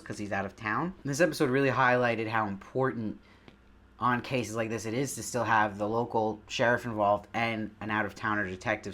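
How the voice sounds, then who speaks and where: A man's voice: mid-range voice, fairly bright tone. A man hosting his own show, giving a casual, enthusiastic spoken review of a TV episode and putting questions to his audience.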